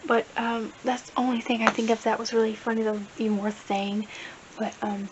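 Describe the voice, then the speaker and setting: A fast-talking young woman with a fairly high, steady voice vlogs about her books, rambling chattily and using many fillers. It's recorded on a camera mic, so the sound is dull, lo-fi and faintly hissy.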